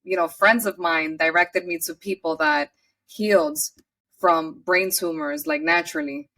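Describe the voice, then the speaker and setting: A woman's voice: lowish voice, expressive, measured pace, creaky, pushed and bright, distant mic. A woman from New York City, a podcast guest telling her personal story in an earnest, chatty way and often acting out her own past words.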